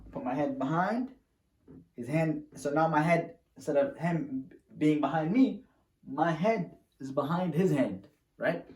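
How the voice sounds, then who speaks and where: A man telling a personal story to the camera in a casual, animated way, acting out the moves as he talks. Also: fairly high pitch, slight background noise. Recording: roomy, from a distance to the mic.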